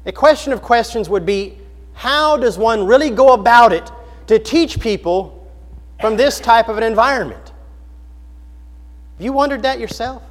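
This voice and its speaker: A man's voice: very high voice, animated, moderate pace, pauses often, in a large hall. A man preaching a sermon in an earnest, questioning manner, building emphasis through repetition. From United States.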